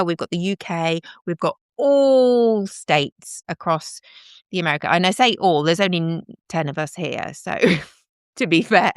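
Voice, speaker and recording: A woman's voice: lowish voice, clean tone, no echo, studio quality. Chatty woman hosting a live stream. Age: middle-aged. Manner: bubbly, self-deprecating, animated. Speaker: livestream host.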